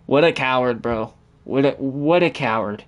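A man's voice: medium pitch, moderate pace, noisy background. A man giving profane, trash-talking commentary over his own gameplay as the channel host.

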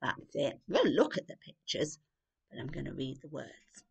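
Animated woman reading a picture book to kids. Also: low-pitched, normal speed, gravelly, slightly rough. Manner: gentle and animated, with soft whispered asides. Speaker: playgroup leader.

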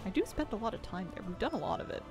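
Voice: mid-range voice, big pitch swings, very fast, soft background music. A game streamer chatting casually on a live stream, giggling often and reading out chat messages.

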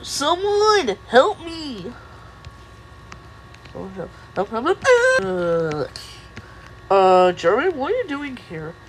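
A woman's voice: medium pitch, very animated, slow, slight background noise, poor audio. A young woman voicing many cartoon characters in a playful, silly way. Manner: playful, silly voices, giggly.

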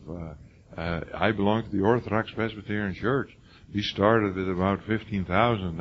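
Emphatic older male lecturer, lo-fi. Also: lowish voice. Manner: emphatic, questions students by name; frequent restarts and repeated words. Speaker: college lecturer. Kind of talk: classroom lecture. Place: college classroom. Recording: lo-fi classroom recording with faint noise.

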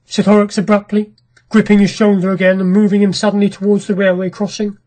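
A podcast narrator reading a classic short story aloud in a measured, dramatic way. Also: medium pitch, level tone, a little mellow, low-quality recording. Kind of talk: scripted audiobook narration.

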